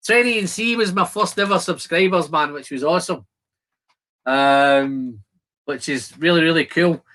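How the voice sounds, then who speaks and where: Male streamer, bright and slightly high voice, chatty and rambling, casual shed livestream host. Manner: chatty, friendly, rambling with restarts. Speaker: whisky channel host. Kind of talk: casual livestream chat reading comments. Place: garden shed.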